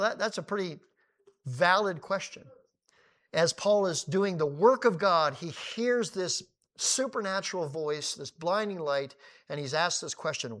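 Animated male preacher retelling a story. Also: high-pitched, moderate pace. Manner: animated, acting out quoted dialogue. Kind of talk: sermon.

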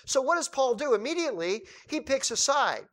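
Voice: sits high, fairly quick. A preacher giving a conversational Bible teaching, acting out the scenes in everyday paraphrase and driving points home through repetition. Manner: retells scripture scenes in lively, acted-out paraphrase; emphatic repetition.

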